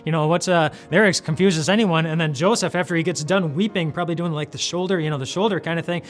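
A man's voice: fairly high pitch, fast. A man giving an earnest devotional retelling of a Bible story, often repeating words as he goes.

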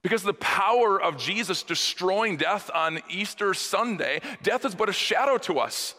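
A man, a pastor, preaching an earnest funeral-themed sermon that swings between soft, slow passages and emphatic rises. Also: high-pitched, lively intonation. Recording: long hall reverb.

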